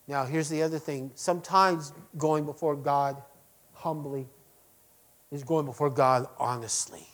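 A middle-aged man preaching to his congregation, swinging between loud emphasis and quiet lines and asking them direct questions. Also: a little high, steady tone, a little slow. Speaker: pastor. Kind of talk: sermon.

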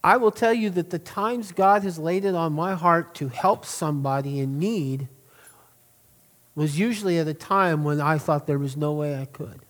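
A man's voice: a little high, moderate pace, few pauses, a bit bright. A middle-aged man, preaching a sermon in an earnest, emphatic way and drawing out key words. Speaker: pastor.

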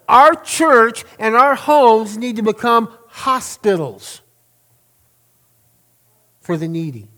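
Emphatic pastor, high voice. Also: male voice, fairly bright tone. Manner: earnest, emphatic, drawn-out key words. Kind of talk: sermon.

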